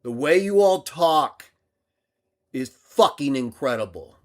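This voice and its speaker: A man hosting a livestream, delivering an aggressive rant that swings between loud outbursts and low muttering. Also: animated, slow pace. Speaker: livestream host.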